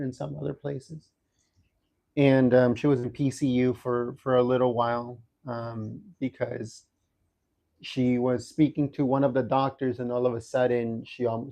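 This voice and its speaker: Soft-spoken man with halting speech. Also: medium pitch, vocal fry. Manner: halting, many fillers and restarts. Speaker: livestream host updating viewers. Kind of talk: casual livestream update. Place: hospital room.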